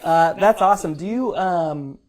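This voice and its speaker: A woman with a notably low, deep speaking voice hosts a relaxed interview. She wanders through her questions with many fillers and pokes fun at herself along the way. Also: a little slow, over a noisy crowd. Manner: rambling, self-deprecating, many fillers. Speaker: podcast host. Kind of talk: casual interview chat.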